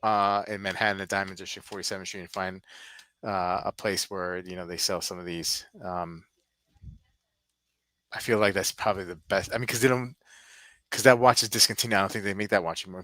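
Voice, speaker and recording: A man's voice: lowish voice, steady tone, moderate pace, long pauses, bright, forceful tone, no room sound. A man hosting a casual live stream, rambling and thinking aloud as he browses.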